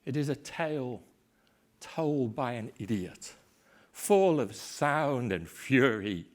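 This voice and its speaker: A man's voice: medium pitch, expressive, takes it slowly. Macbeth, as a man recites him, raging king. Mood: weary despair. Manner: shifts from hushed despair to shouting rage. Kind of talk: dramatic Shakespeare recitation.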